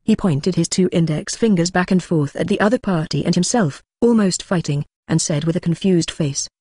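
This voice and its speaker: An audiobook narrator reading a translated superhero novel in an even, unhurried, machine-like delivery. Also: mid-range voice, breathy edge, dry recording.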